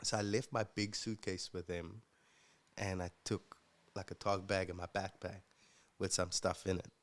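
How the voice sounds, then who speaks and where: A man from Africa, a podcast guest telling his story in a casual, reflective way, pausing with fillers and restarts. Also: low voice, flat delivery. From South Africa.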